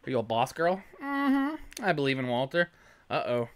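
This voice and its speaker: A man's voice: on the high side, huge pitch swings, moderate pace, slight background noise. A tired man streaming a game at home, joking, swearing a lot and reading chat messages aloud. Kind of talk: casual let's-play chat.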